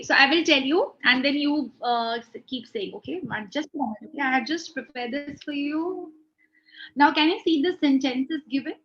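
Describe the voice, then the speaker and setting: A woman's voice: sits high, highs cut off. A woman tutoring English in an online speaking lesson, patiently explaining step by step with frequent "okay"s. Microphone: video call.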